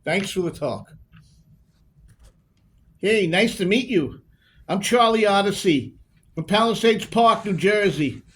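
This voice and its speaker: A man performing a poetry monologue as a confused, emotional divorced man who repeats his phrases and draws out his words. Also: high voice. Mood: wistful.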